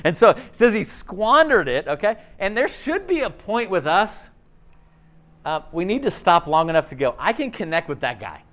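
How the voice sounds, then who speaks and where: Lively, animated man preaching a sermon. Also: high-pitched, moderate pace. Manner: animated, conversational preaching with frequent "okay?" check-ins; acts out voices and laughs often. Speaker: pastor.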